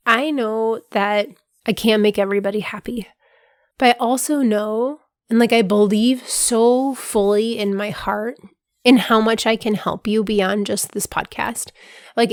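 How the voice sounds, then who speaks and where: A woman hosting her own podcast, talking casually in a voice hoarse from being sick, filling her sentences with "like" and breaking into bursts of excitement. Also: a little high, dry recording, clean studio sound. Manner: chatty, fills with "like", bursts of excitement. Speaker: podcast host. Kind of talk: casual solo podcast monologue.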